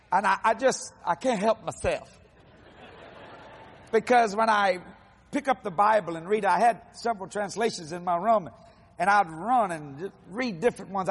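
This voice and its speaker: A husky-voiced preacher in his sixties gives a testimony sermon. His voice sits high for a man, and he tells the story in an animated way, acting out the people in it. His grammar is folksy and casual. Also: big-room sound. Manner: animated storytelling, acts out quotes.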